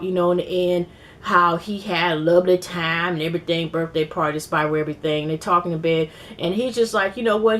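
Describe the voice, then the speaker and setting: A woman casually recapping a reality TV episode, rambling and animated, acting out quotes and swearing freely. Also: fairly low pitch. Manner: rambling, animated retelling with quoted voices and profanity. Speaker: TV recap vlogger.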